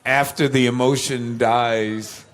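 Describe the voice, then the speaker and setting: Older man telling animated stories. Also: medium pitch, takes it slowly. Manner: animated anecdotes, laughs, acts out quoted voices. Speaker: musician guest. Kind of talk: casual interview storytelling.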